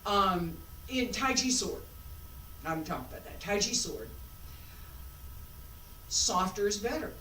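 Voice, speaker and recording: A woman's voice: medium pitch, expressive, takes it slowly, long pauses, fairly bright tone, a little hiss or hum. A woman teaching a martial arts class as she demonstrates, thinking aloud with rhetorical questions. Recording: roomy sound from a distant mic.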